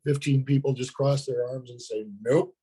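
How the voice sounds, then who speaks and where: A hoarse man, a sales partner, talking earnestly in a webinar interview and often repeating words as he starts a thought. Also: medium pitch, level tone, normal speed, dark tone, poor audio. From North Dakota.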